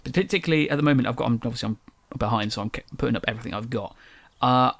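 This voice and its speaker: A young English man who drops his T's chats through his casual solo podcast, rambling and correcting himself. His mid-range, fairly bright voice comes quickly with a gravelly fry, and the sound is dry and close, with no room around it.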